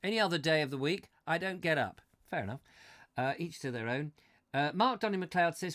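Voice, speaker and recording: A man hosting a comic chat show, rambling and ranting excitably while reading out viewer comments. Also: on the high side, brisk, no echo, studio quality.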